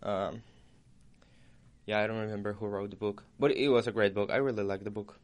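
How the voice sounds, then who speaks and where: A man's voice: lowish voice, steady tone, brisk. A young man co-hosting a casual podcast, chiming in with dry, teasing remarks. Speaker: podcast co-host. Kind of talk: casual chat.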